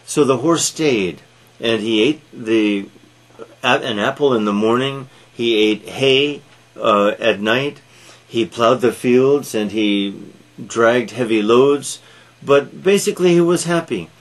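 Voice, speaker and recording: A man telling an animal fable aloud, halting with frequent fillers and restarts. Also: medium pitch. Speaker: storyteller. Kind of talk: read-aloud storytelling.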